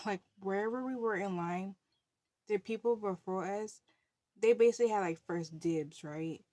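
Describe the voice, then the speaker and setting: A woman's voice: medium pitch, darkish tone, dry recording. A woman telling a story in a casual vlog, chatty, with many fillers and frequent laughs. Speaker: budgeting channel host.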